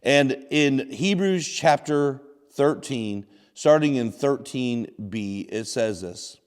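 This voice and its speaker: A man's voice: mid-range voice, lively intonation, slow pace, clear, resonant tone. A man hosting a short devotional, telling a personal story in an earnest, folksy way. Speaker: devotional host. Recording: long hall reverb.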